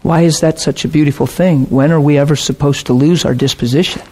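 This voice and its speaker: Husky man preaching earnestly. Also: a little high, steady tone, brisk, darkish tone. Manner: earnest, intense, retells quoted dialogue. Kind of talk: sermon storytelling.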